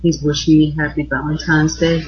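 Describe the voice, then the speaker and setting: A woman's voice: deep voice, level tone, moderate pace. A woman in her late thirties co-hosting a casual celebrity chat, gushing and exclamatory. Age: late 30s. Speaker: podcast co-host. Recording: dull lo-fi recording.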